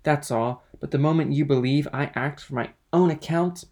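Male reader as a smooth schemer, calm and calculating, storybook reading. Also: fairly high pitch, moderate pace, lightly acted. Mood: feigned innocence.

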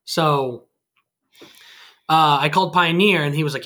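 A man's voice: on the high side, fairly even intonation, fairly quick, sharp tone. A man in his twenties chatting casually, acting out both sides of conversations as he tells stories. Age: 20s. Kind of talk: casual storytelling chat.

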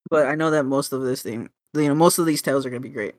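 A man's voice: medium pitch, fast. A young man co-hosting a casual podcast, rambling with lots of fillers, restarts and swearing. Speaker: podcast co-host. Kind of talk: casual chat.

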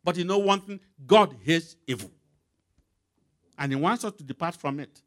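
A man's voice: on the high side, moderate pace, a bit bright. A man preaching a sermon with emphatic, rising and falling delivery, calling out scripture references for a reader to read aloud.

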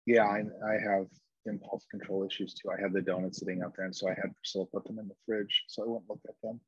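A man's voice: deep voice, flat delivery, quick pace, fairly bright tone, breathy edge, no echo, lo-fi sound. A man co-hosting a casual chat, joking and self-deprecating. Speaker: podcast co-host.

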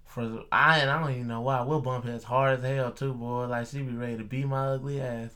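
A young delivery driver tells a story in casual conversation, animated and full of swearing, doing the voices of the people involved. His voice is medium-pitched and fairly quick.

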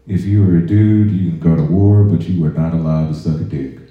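A man's voice: sits low, fairly quick. Man, army veteran podcast host, laid-back profane storytelling, very echoey room, muffled lo-fi sound. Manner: profane, laid-back, drifts into quiet asides. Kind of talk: casual storytelling.

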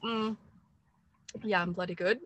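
A woman's voice: mid-range voice, steady tone, a little slow, a bit bright, low-quality recording. A woman with an Australian accent hosting a podcast, chatty and giggly, rambling between thoughts. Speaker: podcast host. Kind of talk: casual chat.

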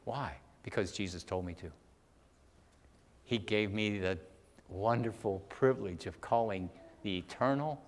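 A man delivering a sermon, rising to loud emphatic peaks and dropping to soft low asides while reading scripture. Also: slight background noise. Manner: reads scripture aloud, often slowing for weight. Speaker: preacher. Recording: long hall reverb.

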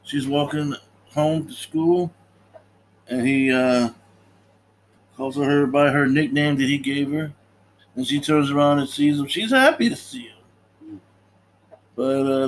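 A man's voice: a little high, a little hiss or hum, rough recording. A man casually recapping a movie's story, loose and chatty, often acting out the characters' lines and laughing. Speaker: podcast host recapping a film. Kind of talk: casual film recap chat.

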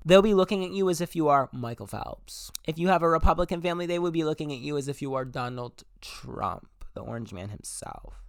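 A young adult man hosting a podcast, giving casual advice in an animated, profane, slangy way. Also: on the high side, a little fast, creaky, smooth, dry recording, studio quality. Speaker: podcast host.

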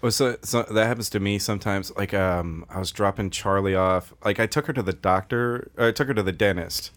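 A man's voice: lowish voice, a little fast, fairly bright tone. A man co-hosting a podcast in casual chat, swearing freely and rambling through personal stories with laughter. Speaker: podcast co-host.

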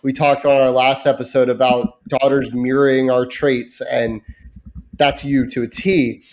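A man's voice: medium pitch, little pitch movement, unhurried. Easygoing man in casual podcast chat. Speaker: podcast co-host.

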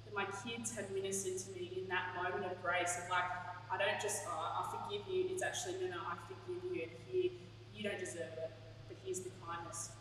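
A woman's voice: lowish voice, flat delivery, fairly quick, fairly bright tone, a little hiss or hum. A woman preaching a sermon in a candid, chatty way, laughing at herself. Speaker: pastor. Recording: echoey hall, from far off.

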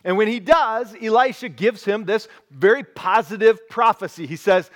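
Animated high-voiced male preacher. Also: moderate pace, few pauses. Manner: animated storytelling, acts out quoted voices. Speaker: pastor. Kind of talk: sermon.

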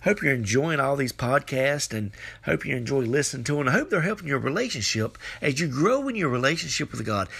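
A man preaches a sermon on a devotional podcast, his voice slightly rough and a bit bright, with vocal fry. He repeats phrases and grows fervent, his pitch rising as he urges listeners on.

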